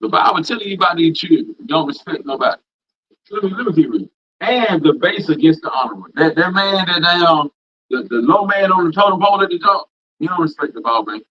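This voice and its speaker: Casting: male preacher, fairly high husky voice, folksy and repetitive, dull lo-fi recording. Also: expressive, quick pace. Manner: folksy, repetitive, preachy, with Southern US Black vernacular. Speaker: preacher teaching a class. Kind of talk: informal sermon, reading and commenting on scripture. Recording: dull lo-fi sound.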